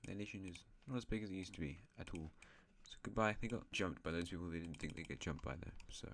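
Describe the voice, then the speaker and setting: Low-voiced man narrating a map series. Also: fast talker, a bit bright, a little hiss or hum. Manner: rambling, chatty, with self-mocking asides. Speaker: host narrating an alternate-history map series. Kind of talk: casual map-game commentary.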